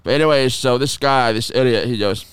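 A man hosting a podcast in casual chat, telling stories in an animated way and swearing freely. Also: mid-range voice, a little fast, smooth, no echo, studio quality. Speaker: podcast host.

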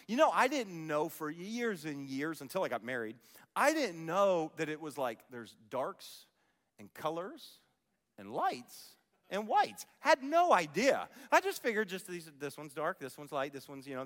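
Middle-aged male preacher, bright forceful voice, lively rhetorical sermon delivery in a reverberant church. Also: on the high side. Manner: animated storytelling, rhetorical questions to the congregation. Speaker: pastor. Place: church sanctuary.

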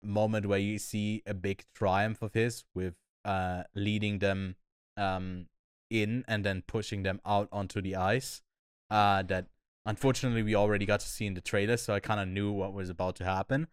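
A man co-hosting a casual film review podcast, talking in a thoughtful, hesitant way with many pauses. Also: lowish voice, steady tone, clean tone, no echo, clean studio sound. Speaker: podcast co-host.

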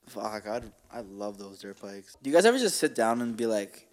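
A man co-hosts a podcast in loose, easy conversation. He swears casually and laughs between lines, and his pitch moves around a lot while he talks. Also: sing-song, normal speed. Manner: laid-back, swears freely, laughs often. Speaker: podcast co-host. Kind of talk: casual chat.

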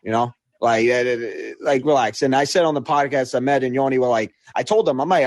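A man's voice: medium pitch, a little fast, few pauses. A man talking loosely in a casual podcast chat, leaning on fillers and "bro". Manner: loose, laid-back, many fillers like "I mean" and "bro". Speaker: podcast co-host.

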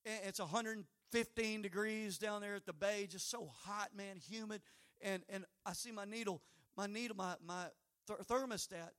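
A preacher telling a folksy, rambling story from the pulpit. His voice sits very high and bright, and he climbs toward loud, fervent praise. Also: normal speed. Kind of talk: sermon storytelling.

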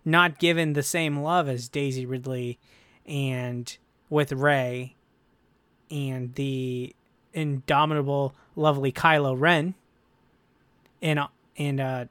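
A man hosting a casual podcast discussion, animated and chatty, breaking into playful voices when quoting others. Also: mid-range voice, slow, long pauses, clean tone, no echo. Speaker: podcast host.

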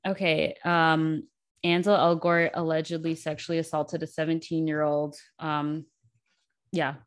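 A woman's voice: low-pitched, level tone, a little slow. A woman in her twenties co-hosting a casual pop-culture chat, chatty with frequent likes and ums. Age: 20s. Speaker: podcast co-host.

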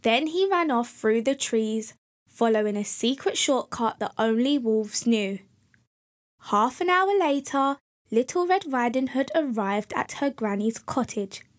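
A woman reading a children's fairy tale aloud as storyteller, gentle and clear. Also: on the high side, expressive, measured pace.

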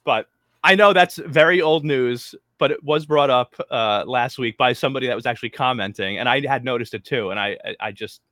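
A man's voice: medium pitch, fairly quick, pushed and bright, dry recording, studio quality. A man co-hosting a podcast, chatting casually with lots of fillers and restarts. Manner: rambling, heavy on fillers and restarts. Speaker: podcast co-host. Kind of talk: casual recap chat.

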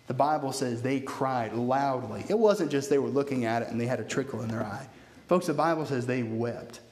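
A man preaches a sermon in a high, lively voice that swings widely in pitch. He moves between loud excitement and hushed lows as he tells the story, and the room around him rings with echo.

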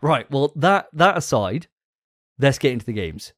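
A man's voice: medium pitch, big pitch swings, normal speed, a bit bright, dry recording. A man hosts a gaming podcast in loose, casual chat. He swears freely and gets carried away with enthusiasm. The sound is close and dry with no room around it. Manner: enthusiastic, profane, laughing often. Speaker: podcast host.

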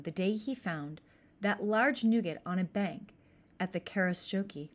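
A woman narrates a storybook aloud in a measured, gentle manner. She takes her time, with a middle-pitched voice and a slow pace.

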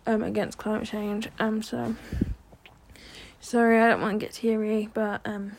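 Slow, earnest young woman podcasting. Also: mid-range voice, level tone, creaky, slight background noise. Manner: earnest, many ums and restarts. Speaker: podcast host. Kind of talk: solo podcast monologue.

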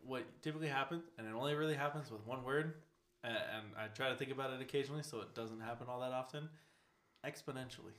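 A man's voice: medium pitch, fast talker, a bit bright. A young man chatting casually as a podcast co-host, swearing freely and laughing often. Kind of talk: casual profane chat. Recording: echoey room.

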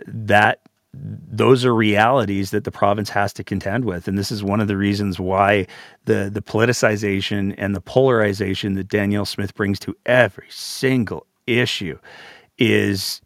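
A man's voice: on the low side, steady tone, normal speed, gravelly, a bit bright, dry recording, studio quality. A man from Alberta hosting a political podcast, talking casually in a rambling way. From Alberta, Canada. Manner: rambling, with fillers and restarts. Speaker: podcast host.

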